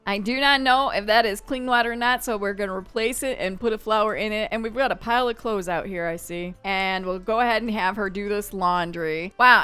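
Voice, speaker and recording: A woman casually narrating a life-simulation game, chatty and expressive, talking to the characters and the game as she plays. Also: mid-range voice, clean tone. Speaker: game streamer. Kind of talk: casual let's-play narration.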